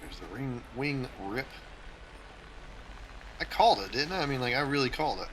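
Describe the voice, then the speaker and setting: A man's voice: mid-range voice, lively intonation, moderate pace, fairly bright tone, slight background noise, poor audio. A man hosting his own gaming channel, giving a casual, tactical play-by-play of his flight game as he plays.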